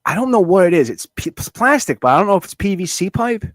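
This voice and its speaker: A man talking on a podcast in loose, profane banter, his pitch swinging up and down as he works himself up over a story. The sound is close and dry, with no room around it. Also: fast talker, no room sound. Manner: animated, swears freely, rambling restarts. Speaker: podcast co-host.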